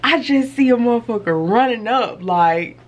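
Animated woman telling a story at home. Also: fairly high pitch, moderate pace, highs cut off. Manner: animated storytelling, lots of slang and cursing. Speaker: vlogger. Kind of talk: casual story time to camera. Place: home, indoors.

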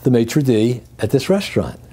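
Older man, warm lively storyteller. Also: mid-range voice, normal speed, breathy edge. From Greece. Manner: lively storyteller, chuckles as he recalls. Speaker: interview guest. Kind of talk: telling his life story.

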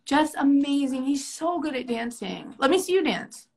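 A woman's voice: high-pitched, sing-song, moderate pace. A young woman hosting an improvised comedy sketch on a live stream, playing a chipper career orientation leader in a bubbly, mock-cheerful way.

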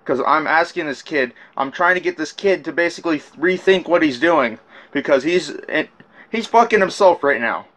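A man with a voice set a bit higher than most recounts a feud in a loose, rambling rant. He swears constantly and keeps stopping to restart his sentences. His delivery is casual and off the cuff. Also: animated, moderate pace, fairly bright tone. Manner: profane, rambling, with many restarts. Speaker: rapper telling his side of a feud.

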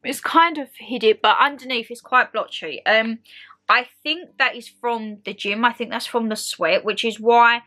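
A woman's voice: on the high side, normal speed, bright, forceful tone. A young woman chatting casually to camera about her haul, calling viewers her lovelies. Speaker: haul vlogger. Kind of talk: casual product haul chat.

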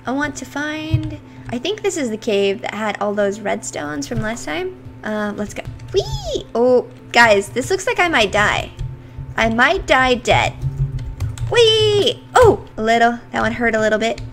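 A woman streaming a video game, chatting to viewers and squealing with excitement during the action. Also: on the high side, normal speed, faint music behind. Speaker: gaming streamer. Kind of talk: casual game commentary.

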